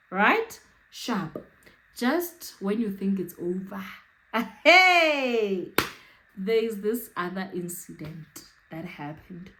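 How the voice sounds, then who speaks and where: A woman's voice: on the high side, a bit bright. A young woman with a South African accent telling a personal story to her viewers. She chats, laughs often and keeps checking in with them. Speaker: YouTuber. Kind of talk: storytime vlog.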